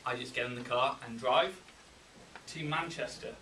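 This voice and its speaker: A man with a Yorkshire accent giving a humorous contest speech, with deadpan timing and pauses for laughs. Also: medium pitch, a little hiss or hum. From England. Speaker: contest speaker. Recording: roomy hall, mic from a distance.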